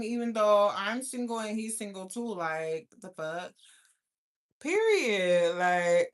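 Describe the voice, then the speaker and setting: Loud, profane woman in her thirties. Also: medium pitch. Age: 30s. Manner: loud, profane, laughing, talks straight to viewers. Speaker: livestream host. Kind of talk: casual live chat with viewers.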